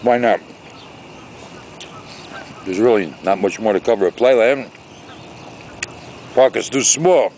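A man's voice: on the low side, takes it slowly, pauses often, darkish tone, slight background noise, low-quality recording. A man talking casually to his camera outdoors by a lake, rambling and ranting in a chatty vlog. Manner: rambling, chatty, exaggerated rants. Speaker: vlogger.

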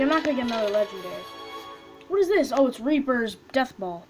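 A woman casually commenting as she opens loot boxes in a video game, excitable and quick to chant names and squeal over items. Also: a little high, faint music behind, low-quality recording. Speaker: gaming video host.

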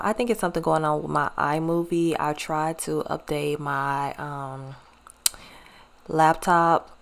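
A woman's voice: low-pitched, gravelly. A young adult woman vlogger, chatting casually and sassily to her viewers. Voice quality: sassy, chatty, lots of "girl" and "baby". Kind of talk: casual chat to camera. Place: at home, voiceover then sitting at a table.

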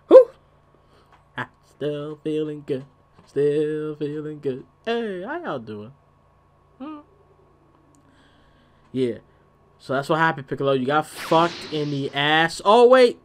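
A man commentating his own video game, hyped and loud, yelling and cursing at the characters on screen. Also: fairly high pitch. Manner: hyped, profane trash talk; yells at the screen. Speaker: gamer. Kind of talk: let's play commentary.

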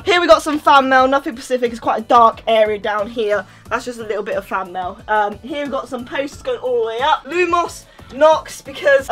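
A woman giving a playful room tour of her bedroom, jokey and giddy, now and then breathless. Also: high voice. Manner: giddy, jokey, shifts into excited squeals. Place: bedroom, indoors.

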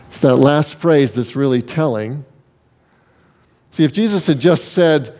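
A man's voice: a little high, lively intonation, moderate pace, darkish tone. A male pastor preaching a sermon, emphatic, with repeated phrases for weight.

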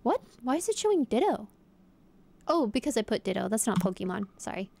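A young woman streaming, chatting playfully with her viewers as she guesses aloud. Her voice sits a little high, and she keeps it casual and upbeat. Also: very animated, brisk, creaky, a little mellow. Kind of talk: casual live-stream chat.

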